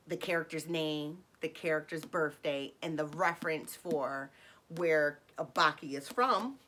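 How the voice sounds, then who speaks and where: A woman telling a personal story to her viewers in a casual, animated way. She acts out what people said and talks to her audience directly. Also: low voice.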